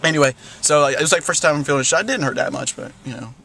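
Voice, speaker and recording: A man's voice: fairly high pitch, racing, gravelly, pushed and bright, slightly rough. A young man telling a rambling story in a casual vlog, full of "like" and "you know", often laughing. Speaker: vlogger.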